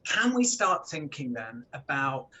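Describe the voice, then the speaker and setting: A man's voice: mid-range voice, sing-song, measured pace, pushed and bright. A man hosting a health discussion, asking questions conversationally with some hesitations. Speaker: show host. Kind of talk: hosting a health talk show.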